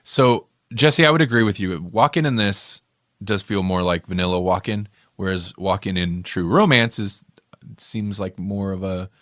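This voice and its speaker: A man's voice: deep voice, normal speed, fairly bright tone, no echo, studio quality. A man co-hosting a podcast, chatting casually about a film, rambling and correcting himself as he goes. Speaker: podcast co-host. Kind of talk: casual movie review chat.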